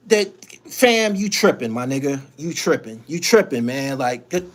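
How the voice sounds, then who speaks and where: A man's voice: on the high side, very animated, measured pace. A middle-aged man hosting a casual live stream, ranting bluntly and profanely with lots of energy.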